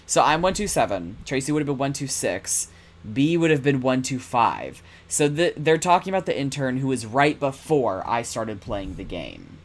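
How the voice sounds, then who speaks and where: A man streaming a game, reacting with excitable, swearing casual commentary. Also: mid-range voice, normal speed. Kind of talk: casual game commentary while reading aloud.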